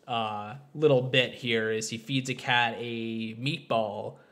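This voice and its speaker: In a medium-pitched, slightly bright voice, a man co-hosting a film podcast chats loosely and jokingly, rambling with many fillers and false starts.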